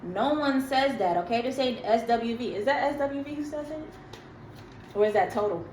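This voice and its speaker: A woman's voice: a little high, lively intonation, normal speed, darkish tone, roomy sound, a little hiss or hum, poor audio. A woman giving a casual tarot reading to her viewers, chatty and emphatic, with slangy asides. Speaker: tarot reader.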